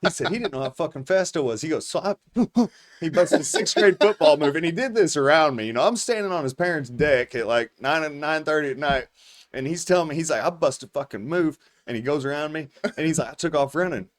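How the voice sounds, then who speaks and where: Quick and on the high side, this forty-something man's voice carries a long, easygoing podcast story. He swears plenty and laughs his way through it, an animated, profane storyteller.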